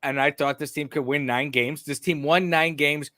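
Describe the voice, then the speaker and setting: A man's voice: on the high side, steady tone, moderate pace, sharp tone, no room sound, clean studio sound. A man co-hosting a casual sports reaction show, arguing and defending his predictions. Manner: argumentative, defensive. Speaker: co-host.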